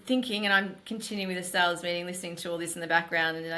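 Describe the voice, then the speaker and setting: A middle-aged woman, a podcast guest, telling her story in a candid, animated and emphatic way. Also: fairly low pitch, racing, few pauses. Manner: animated, emphatic, runs thoughts together.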